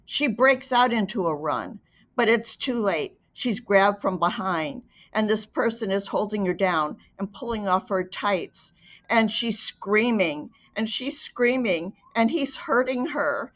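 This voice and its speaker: Slow, deliberate woman storyteller. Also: medium pitch, expressive, a bit bright. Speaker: advocate narrator. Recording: dull lo-fi recording.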